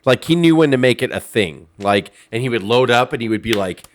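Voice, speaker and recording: A man's voice: medium pitch, lively intonation, brisk. A man co-hosting a casual podcast, rambling and swearing as he tells stories. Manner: rambling, profane, trails off and restarts. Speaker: podcast co-host.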